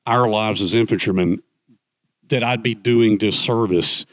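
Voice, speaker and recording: On a conference stage, an older man who is a guest author retells stories at length in a fireside chat, rambling with many fillers and restarts. His voice is fairly low and a little slow, and the recording is dry.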